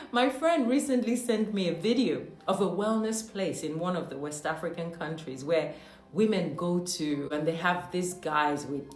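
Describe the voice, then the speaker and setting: A woman from Nigeria telling a personal story in a monologue. She talks animatedly, with mock-outraged asides, and laughs often. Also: deep voice. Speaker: host. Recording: echoey room with faint music.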